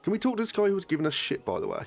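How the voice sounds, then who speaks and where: An excitable man giving live gameplay commentary as a streamer. His pitch is middling but very animated, and his playful chatter runs over faint music. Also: very fast, vocal fry.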